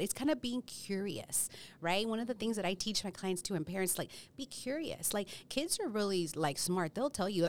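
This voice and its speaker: A woman in her forties, a therapist talking casually as a podcast guest, acting out parents and kids in quick voices and slipping in Spanish words. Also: medium pitch, expressive, slight background noise. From United States. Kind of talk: podcast interview.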